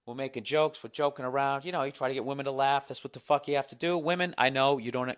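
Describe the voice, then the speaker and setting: A middle-aged man hosting a solo podcast, telling a story in a profane, sarcastic, animated rant. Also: mid-range voice. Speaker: podcast host.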